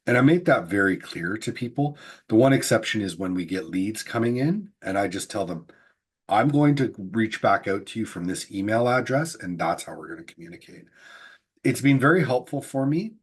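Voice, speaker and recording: Guy running an online workshop on a video call, low voice, bit husky, earnest explainer. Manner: earnest, explanatory, some restarts. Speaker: workshop presenter.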